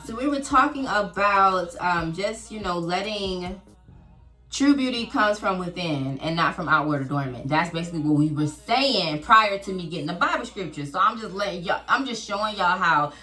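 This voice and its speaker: A woman podcast host, talking in a casual faith-based chat with a preachy, animated storytelling manner. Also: lowish voice, normal speed, roomy sound, recorded from a distance.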